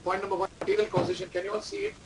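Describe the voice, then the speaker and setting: High-voiced guy teaching a class, repeats himself, mic far off with faint room hiss. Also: very animated, rapid-fire, creaky. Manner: repetitive, quizzing the class, dictating instructions. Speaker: management lecturer. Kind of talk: classroom lecture.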